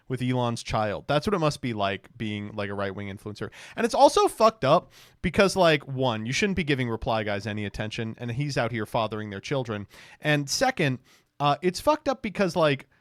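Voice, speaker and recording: A man's voice: mid-range voice, fairly bright tone, dry recording, clean studio sound. A man streaming, giving casual, mocking reaction commentary in a rambling way.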